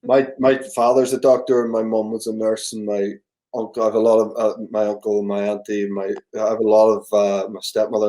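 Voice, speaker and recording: A man chats in an interview, stopping and restarting as he answers modestly about himself. His voice is lowish and mellow. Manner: hesitant, self-deprecating, many restarts. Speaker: actor being interviewed. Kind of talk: casual chat.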